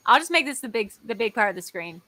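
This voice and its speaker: A woman co-hosting a casual chat over a video call, talking in an excitable, jokey and rambling way. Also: fairly high pitch, quick pace, slight background noise. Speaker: co-host.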